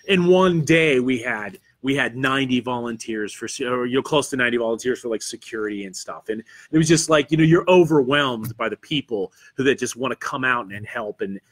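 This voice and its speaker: A man's voice: medium pitch, a bit bright. A man from Pennsylvania with a Pennsylvania accent, hosting a convention livestream alone and chatting loosely as he reads viewer comments, rambling and self-deprecating with lots of fillers and restarts. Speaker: convention podcast host. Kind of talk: solo livestream chat reading viewer comments. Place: studio.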